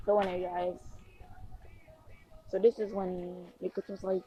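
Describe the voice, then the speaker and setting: A woman's voice: on the low side, level tone, measured pace, faint music behind. Rambling woman storyteller, lo-fi. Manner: rambling, filler-heavy, restarts often. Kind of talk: casual improvised fan story.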